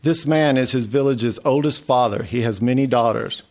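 A man reading aloud, voicing a gentle, soft-spoken male interpreter. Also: medium pitch, moderate pace, lightly acted. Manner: gentle, mild.

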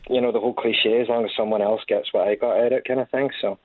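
Scottish male guest in his 30s, lower voice, stop-start delivery, thin phone line. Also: steady tone, no room sound. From Scotland. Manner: halting, with many restarts and repeated words. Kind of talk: casual conversational interview.

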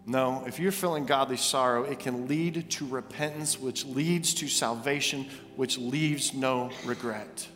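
A male pastor preaching a sermon in a church, telling stories with animated, emphatic repetition. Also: medium pitch, a little slow, hardly any pauses, big-room sound, soft background music. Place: church sanctuary.

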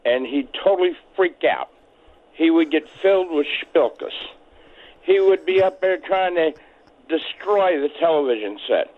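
A male caller from Maryland phoning in to a radio show. He rambles and hesitates, filling his pauses, at a middling pitch. His voice comes through a thin, tinny phone line. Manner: rambling, hesitant, full of fillers. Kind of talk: phone-in call to a talk show.

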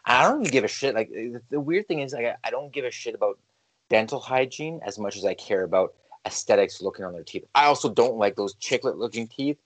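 A man's voice: mid-range voice, lively intonation, brisk, rough recording. A young man chatting casually as a podcast co-host, rambling, swearing and mumbling. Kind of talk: casual chat.

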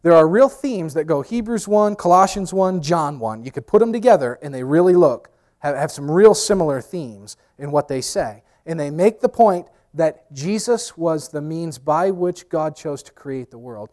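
A pastor's sermon moves between near-whispers and emphatic declarations in a conversational style, sprinkled with pop-culture nods and self-mocking humor. His slightly high voice has lively intonation and a normal speed.

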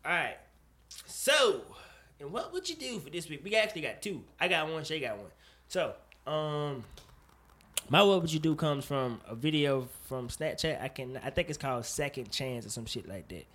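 A man co-hosting a casual chat show, talking in an animated, profane way and pressing his point with rising emphasis. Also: a little high, normal speed, husky. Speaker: podcast co-host.

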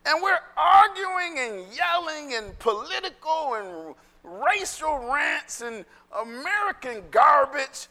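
A male pastor preaching a sermon in an animated, conversational way that swings into shouting. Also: very high voice, slow, big-room sound.

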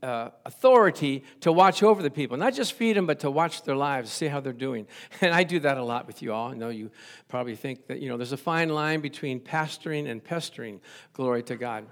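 A man in his sixties, a pastor preaching a sermon, animated and chuckling, acting out little dialogues as he goes. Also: medium pitch, brisk.

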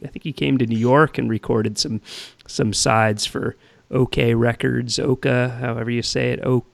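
A man's voice: mid-range voice, gravelly, dry recording. A man hosting a casual radio chat, rambling and hesitant, laughing easily. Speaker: radio host.

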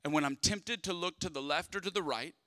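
Animated young male pastor, bright voice. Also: a little high, brisk, no room sound, studio quality. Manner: animated, conversational, swings between loud bursts and quiet asides. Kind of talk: sermon.

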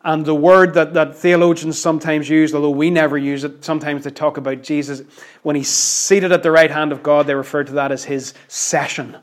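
Delivering a sermon that is conversational and lightly humorous, this preacher alternates between loud declarations and hushed asides with emphatic energy. His voice sits on the high side, level in tone, and runs a little fast.

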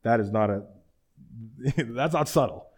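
A man preaching in a relaxed, conversational way, retelling a scripture story in his own words. He often turns to his listeners with rhetorical questions like a teacher checking they follow. His voice sits at an ordinary middle pitch. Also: unhurried.

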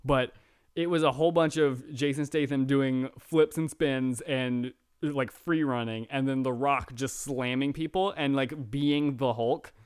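Smooth-voiced young man gushing over a movie. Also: medium pitch, fairly even intonation, measured pace, no room sound, studio quality. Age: young adult. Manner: eager, explains plot points, quotes characters in offhand voices. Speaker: podcast co-host. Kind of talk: casual movie review chat.

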